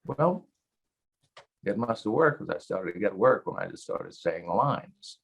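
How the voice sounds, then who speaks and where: A man's voice: on the low side, lively intonation, unhurried, creaky, fairly bright tone, husky. A man in his eighties, a guest actor, telling rambling wry anecdotes in a casual interview. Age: 80s. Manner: many fillers and restarts.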